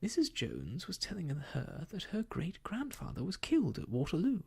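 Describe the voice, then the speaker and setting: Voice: medium pitch, huge pitch swings, normal speed, gravelly, a little mellow, husky, pitched above the performer's own voice, full character voice. A whispering storyteller voicing an indignant, gossiping lady, in a whispered role-play. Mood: scornful. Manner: scornful, gossipy.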